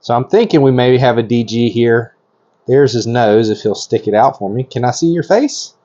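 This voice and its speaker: Excited chatty guy narrating his reptile work, mid voice, kinda muffled camera audio. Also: medium pitch, moderate pace. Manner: excited, chatty, lots of fillers and restarts. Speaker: reptile breeder. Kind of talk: casual narration while working.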